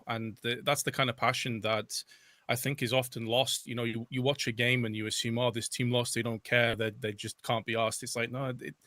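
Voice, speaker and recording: A man's voice: mid-range voice, sharp tone, no room sound. A man giving casual esports panel commentary, earnest and repeating words as he thinks. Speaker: esports analyst.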